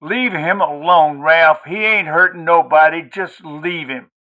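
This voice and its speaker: A man voicing a tired, worried mother who pleads softly. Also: on the high side, a little slow, pitched above the performer's own voice. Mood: pleading. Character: weary tender mother, woman, sad and worried.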